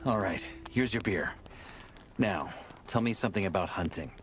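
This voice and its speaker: A man's voice: low voice, expressive, moderate pace. An actor playing a curious male newcomer in a video game who asks plain questions. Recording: faint game music behind.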